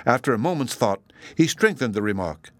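Lively male audiobook narrator. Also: dry recording. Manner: measured storytelling with lively pitch.

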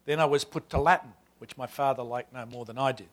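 A man in his sixties with an Australian accent reading aloud from a novel as a wry, proud older male servant narrating his life, in a lively, emphatic telling. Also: mid-range voice, quick pace, natural voice. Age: 60s.

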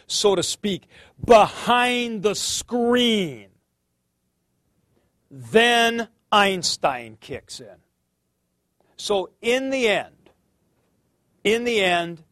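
Man, slow discursive lecture, higher-pitched voice, dry sound. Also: a bit bright, dry recording. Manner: discursive, with many fillers and restarts. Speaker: lecturer on theology. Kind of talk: conversational lecture.

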